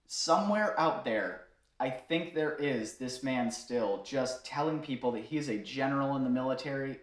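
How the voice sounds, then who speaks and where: A man casually telling a bartending story to his viewers, chatty, laughing often, with many fillers. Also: mid-range voice. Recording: roomy echo.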